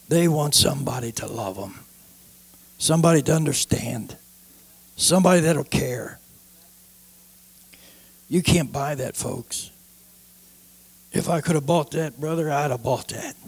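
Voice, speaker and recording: A man's voice: mid-range voice, creaky, dry recording. A man preaching his own testimony in an emphatic way, repeating phrases and acting out old conversations.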